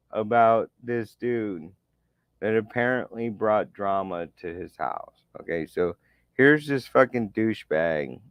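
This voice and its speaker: A man's voice: lowish voice, clear, resonant tone, no room sound. A man ranting with scorn and a lot of swearing, giving commentary over screenshots. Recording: dull lo-fi dry sound.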